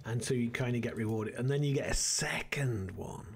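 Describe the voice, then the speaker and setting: A man's voice: mid-range voice, normal speed, vocal fry, hardly any pauses. A man hosting a let's play, muttering and thinking aloud as he plays, rambling with restarts. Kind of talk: casual gameplay commentary.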